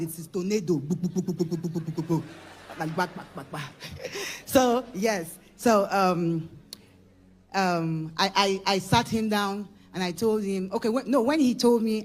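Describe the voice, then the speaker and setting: A middle-aged woman with a Ugandan accent shares a church testimony. She tells it quietly at times, then rises to loud, shouted praise. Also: fairly low pitch. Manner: emotional, building from hushed telling to shouted praise.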